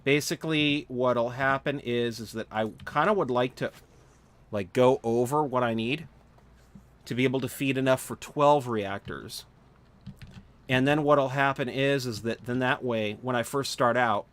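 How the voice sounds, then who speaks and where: A sleepy gaming livestreamer yawns as he casually comments on his live gameplay, speaking at normal speed in a medium-pitched voice. He thinks aloud, with lots of fillers and restarted sentences.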